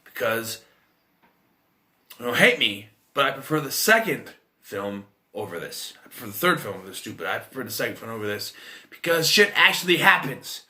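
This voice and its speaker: A man's voice: medium pitch, very animated, moderate pace, sharp tone. A man in his thirties giving a casual, rambling film review, swearing freely and restarting his sentences often. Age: 30s. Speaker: movie reviewer.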